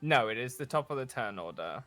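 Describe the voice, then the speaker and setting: Bright-voiced young man running a game. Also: mid-range voice, expressive. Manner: playful, laughs often, quick voice switches. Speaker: dungeon master. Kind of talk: narrating a tabletop game.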